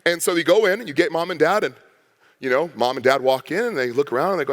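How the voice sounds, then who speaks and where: A man, a pastor, preaching a sermon with lively storytelling and acted-out quotes. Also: a little high, fast, big-room sound. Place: church sanctuary.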